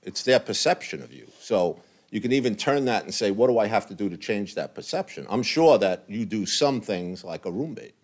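An older man talks to a men's group, candid and blunt, never softening his plain words. His voice sits a little low, and he sounds earnest about what he says. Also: lively intonation, a little fast. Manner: blunt and earnest, plain language with mild cursing. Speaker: recovery group speaker.

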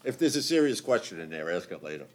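A man's voice: deep voice, very animated, quick pace. An older man speaking bluntly and earnestly to a men's recovery group, in plain language with some cursing. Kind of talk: candid talk to a men's group.

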